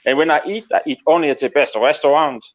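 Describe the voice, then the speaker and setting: A man voicing a boastful fighter pilot during a joke, speaking slowly and grandly over a dull video call line. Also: fairly high pitch, lightly acted. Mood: pompous. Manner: slow, grandly self-important.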